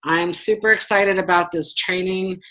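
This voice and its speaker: A woman's voice: lowish voice, fairly even intonation, normal speed, a bit bright, rough recording. Bubbly woman hosting a video call. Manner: bubbly, chatty, lots of fillers. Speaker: team leader hosting a training call. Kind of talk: casual chat.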